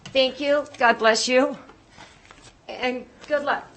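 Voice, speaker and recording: A woman's voice: sits high, steady tone, slow, fairly bright tone. A woman, a mother, giving a nervous, emotional public comment at a board meeting and pleading with the board.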